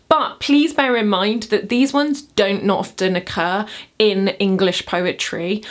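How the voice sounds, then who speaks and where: Slow, chatty woman teaching poetry. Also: medium pitch. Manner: chatty, upbeat, counts out beats. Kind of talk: casual explainer video. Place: home room, standing at camera.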